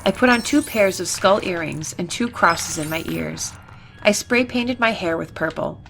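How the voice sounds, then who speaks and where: A young woman reading fan fiction aloud for laughs, with animated, giggly narration. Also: fairly low pitch, moderate pace, creaky, slight background noise. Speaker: reader. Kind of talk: comedic fanfiction reading.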